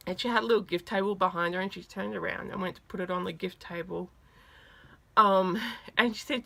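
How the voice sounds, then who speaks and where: A woman vlogger excitedly telling a story in a casual, chatty way, with lots of fillers. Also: medium pitch, moderate pace, gravelly, pauses often, breathy edge.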